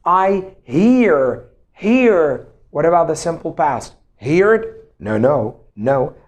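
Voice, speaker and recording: Male English teacher, slow and repetitive pronunciation drills. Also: on the high side, big pitch swings. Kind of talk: pronunciation lesson.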